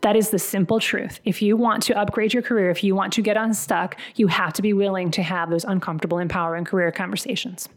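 An earnest woman hosting a career-coaching podcast, speaking in an emphatic, motivational way. Her voice sits at a middle pitch, and she often acts out quick lines of dialogue. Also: fairly even intonation.

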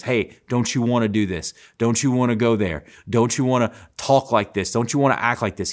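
A man delivers a sermon in an earnest, driving way. His voice sits fairly low, and he keeps repeating key phrases for emphasis. He often stumbles and restarts his sentences. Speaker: preacher.

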